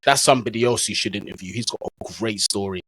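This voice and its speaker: A man's voice: fairly low pitch, fast, fairly bright tone, husky, no echo, rough recording. A man, a football content creator, telling stories in a casual, slang-heavy way as a guest in an interview. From England. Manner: easygoing, slang-heavy storyteller.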